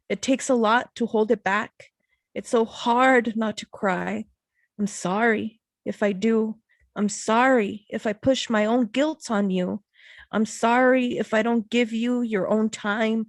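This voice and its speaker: A woman reading her own poetry at an online open mic from home, slow and measured, pausing between lines. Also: fairly high pitch, dry recording.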